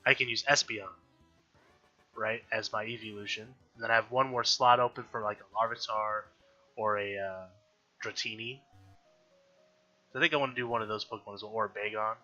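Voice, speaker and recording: A man's voice: fairly low pitch, fairly even intonation, fairly quick, long pauses, bright, forceful tone. Nasal-voiced man narrating a game. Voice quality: nasal from allergies. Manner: chatty, thinking aloud, frustrated outbursts. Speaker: gaming YouTuber. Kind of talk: casual let's-play commentary. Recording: dull lo-fi audio with faint game music. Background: faint game music.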